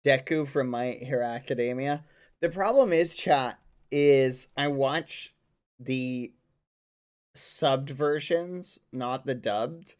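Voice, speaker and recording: Guy streamer chatting to chat, laid back and joking, takes his sweet time. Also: medium pitch. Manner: relaxed, unhurried, joking. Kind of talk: casual chat with viewers.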